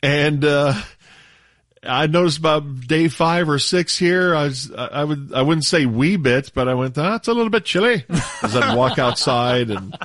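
An American radio show regular chats casually on air in a fairly high-pitched, slightly bright voice. His delivery is laid-back and halting, punctuated by frequent laughs.

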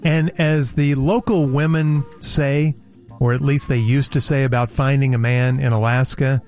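A man's voice: medium pitch, steady tone, normal speed, a little mellow, faint music behind. A man on a talk show telling a travel anecdote in a casual, chatty way, repeating words and mimicking the people he quotes.

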